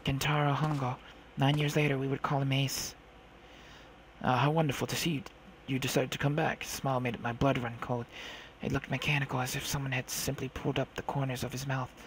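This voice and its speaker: A man's voice: mid-range voice, little pitch movement, a little fast, a little hiss or hum. A man hosting a let's play, reading the game's story aloud dramatically and adding his own remarks. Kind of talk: reading game text aloud with commentary. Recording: game music behind the voice.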